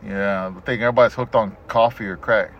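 A middle-aged man hosting a casual podcast chat, telling stories in an animated, profane way. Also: lowish voice, quick pace. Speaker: podcast host. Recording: dull lo-fi podcast audio.

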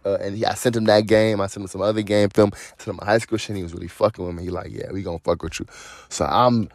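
Young male podcast host, animated storyteller, low-ish voice, dry close-miked sound. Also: fast talker, no echo. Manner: animated, slangy, profane, acts out quoted dialogue. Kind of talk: casual storytelling.

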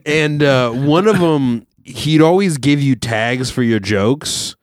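A man's voice: mid-range voice, takes it slowly, dry recording, clean studio sound. A young man who is a stand-up comic and podcast host, chatting casually, joking and swearing as he tells stories. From Southern California. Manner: swearing, joking, animated storytelling. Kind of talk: casual chat.

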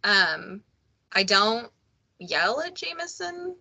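A woman's voice: medium pitch, very animated, slow, vocal fry, pushed and bright, slightly rough. A woman hosting a podcast, chatting frankly and joking, swearing casually. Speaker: podcast host. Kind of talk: casual conversation.

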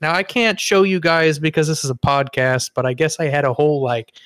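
A man co-hosting a podcast, telling a story in a lively, casual way with some swearing. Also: a little high, brisk, clear, resonant tone, no echo, clean studio sound. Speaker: podcast co-host.

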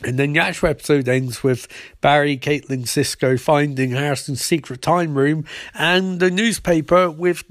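A man's voice: on the high side, dry recording, studio quality. A man recapping and reviewing a TV episode in a casual, rambling way, sarcastic and full of swearing. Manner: sarcastic and profane, loose rambling delivery.

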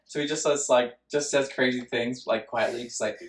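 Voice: medium pitch, fairly even intonation, normal speed. A person in a casual chat, making dry wisecracks, sitting away from the microphone. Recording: distant, echoey, faint noise.

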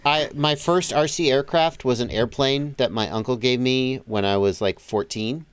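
A man's voice: mid-range voice, normal speed, a little hiss or hum. A man being interviewed as a guest, telling stories in an easygoing, chatty way with many fillers. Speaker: interview guest, drone video creator. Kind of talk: casual conversational storytelling.

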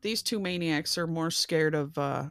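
A woman's voice: deep voice, unhurried, no room sound, studio quality. A woman co-hosting a casual podcast chat, joking and laughing often. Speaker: podcast co-host.

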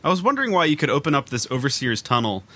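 A playful man co-hosting a gaming podcast, chatting as he plays and laughing often. His voice is bright and sharp, and its pitch swings widely. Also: rapid-fire. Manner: giggly, playful, lively commentary while playing. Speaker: podcast co-host playing the game. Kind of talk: casual gaming chat.

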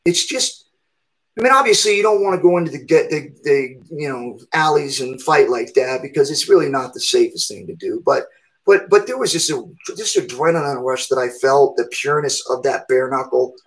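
A middle-aged man, a fighter, telling a story in a casual, animated way, acting out other people's voices and punching out sound effects. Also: medium pitch, moderate pace, low-quality recording.

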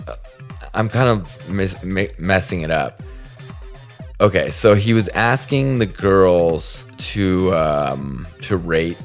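A deep-voiced man hosts a podcast and rambles through a comic story. His delivery is profane and exasperated, with plenty of quoted asides. Faint music sits underneath the voice. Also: expressive, slow. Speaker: podcast host. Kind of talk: rambling comedic monologue.

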